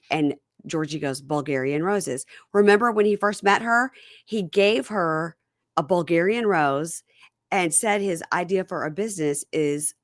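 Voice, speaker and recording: In a studio-quality recording with no room sound, a woman with a lowish voice hosts a podcast. She chats casually while recapping a reality show, animatedly acting out quotes in funny voices.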